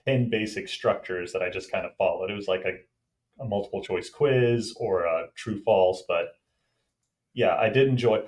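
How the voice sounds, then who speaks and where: A man co-hosting a podcast and running its quiz games, chatting casually and rambling in quick bursts. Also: on the low side, a little mellow. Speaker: podcast co-host and game master.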